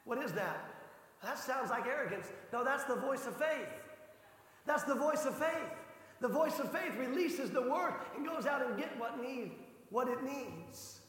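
A man preaches with fervor, his voice pitched very high and ringing bright. He pushes his points up into shouts for emphasis. The sound carries a heavy echo and a long church-hall reverb. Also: lively intonation, unhurried. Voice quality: passionate, rising to shouts for emphasis. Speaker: pastor. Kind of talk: sermon.

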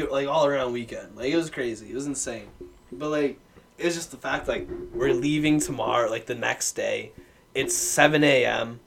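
A young man with a somewhat high voice tells a story in casual podcast chat, breaking into laughter often. He swears freely and talks in a loose, animated way. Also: vocal fry. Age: young adult. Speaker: podcast guest.

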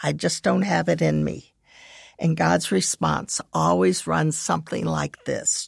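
A middle-aged woman giving earnest devotional teaching, reading scripture verses in measured lists. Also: sits low, fairly even intonation, vocal fry, dry recording, studio quality. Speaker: devotional speaker and parent.

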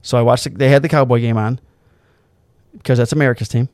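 Podcast co-host, male, mid-pitched, telling stories with acted-out quotes; dry close sound. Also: fast talker, smooth, no echo. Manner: animated storyteller, swears freely, acts out quotes. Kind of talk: casual storytelling chat.

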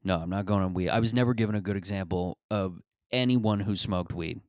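A man's voice: low-pitched, a little fast, darkish tone, no echo. A man hosting a comedy podcast, rambling through a profane, self-deprecating monologue. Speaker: comedian host.

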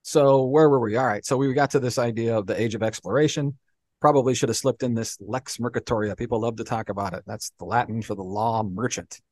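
A man's voice: mid-range voice, fairly quick, darkish tone, dry recording. Man explaining history in a casual podcast. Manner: explains at length with many "you know" and "right?" asides. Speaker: podcast co-host.

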